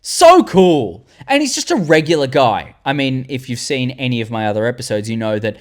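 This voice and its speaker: A young Australian man in his twenties, hosting a fan tier-list vlog and rambling excitedly with the odd swear word. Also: mid-range voice, normal speed. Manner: animated, rambling, swearing, loses words mid-sentence. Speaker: channel host.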